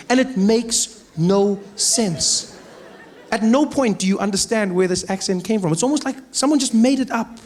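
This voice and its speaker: A South African man in his thirties doing stand-up on a large theatre stage, telling stories with animated, rising punchlines. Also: very high-pitched. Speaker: stand-up comedian. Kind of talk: stand-up comedy.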